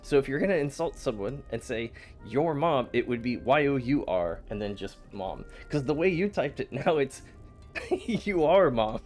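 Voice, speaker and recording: A man's voice: mid-range voice, lively intonation, normal speed, darkish tone, faint music behind. A man streaming a game, chatting casually with his chat, playful and teasing, often laughing and stammering. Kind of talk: casual live-stream chat while gaming.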